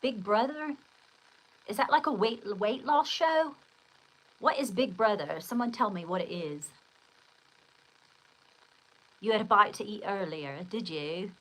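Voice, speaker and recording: A woman's voice: mid-range voice, expressive, normal speed, fairly bright tone, low-quality recording. An older woman hosting a casual livestream, chatting in a rambling, exclamatory way and reading out viewer comments. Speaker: livestream host.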